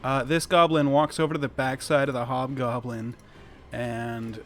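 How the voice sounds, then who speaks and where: A man's voice: medium pitch, flat delivery, moderate pace, a bit bright. A man narrating a tabletop game as game master, chuckling and rambling, often correcting himself mid-sentence. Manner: laughing, rambling, self-correcting.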